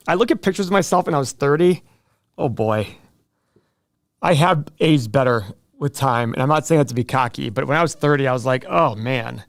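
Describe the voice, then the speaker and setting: A man's voice: medium pitch, creaky, no echo, clean studio sound. A middle-aged man hosting a casual livestream, answering viewer questions with jokes and self-deprecating asides.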